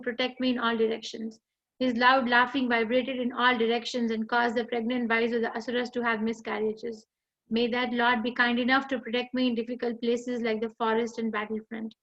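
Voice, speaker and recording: A woman with an Indian English accent, teaching an online class and reading scripture in a measured, deliberate way. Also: a little high, a bit bright. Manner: measured, deliberate recitation with chanted mantras. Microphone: video call. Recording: dull lo-fi online call audio.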